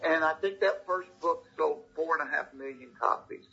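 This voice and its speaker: Husky bright-voiced Southern man telling stories. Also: on the high side, dull audio. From Georgia, US. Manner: animated, folksy anecdotes with quick restarts. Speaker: comedian guest. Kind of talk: casual interview storytelling.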